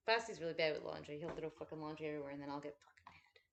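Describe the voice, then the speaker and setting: Woman, casual home stream, rambling chat, salty language, slightly low voice. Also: very fast, vocal fry, fairly bright tone, lo-fi sound, slight background noise. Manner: chatty, frequent swearing, self-deprecating asides. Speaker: streamer chatting while folding laundry.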